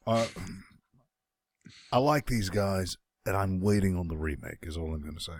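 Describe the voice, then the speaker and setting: A man's voice: sits low, expressive, normal speed, dry recording. A man co-hosting a game review podcast, sardonic and profane, with mock-grumpy asides. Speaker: podcast co-host reviewing games. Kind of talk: casual chat.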